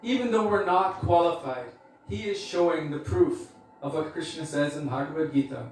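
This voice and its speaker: A man's voice: on the high side, normal speed, darkish tone. A male preacher telling a personal story in a casual, conversational way, full of fillers. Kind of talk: storytelling talk. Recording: echoey hall, mic far off.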